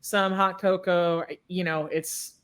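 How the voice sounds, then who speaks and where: A woman's voice: on the low side, flat delivery, clean tone. A woman hosting a podcast in casual chat, sleepy, jokey and often laughing. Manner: laughing, jokey, drawn-out yawny delivery. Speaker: podcast host.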